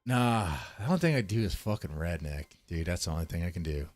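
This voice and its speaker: A man's voice: low-pitched, lively intonation, quick pace, darkish tone, no echo. Profane rambling male streamer. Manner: profane, rambling, addresses chat directly. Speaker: streamer reacting to a video. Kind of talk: casual live-stream commentary.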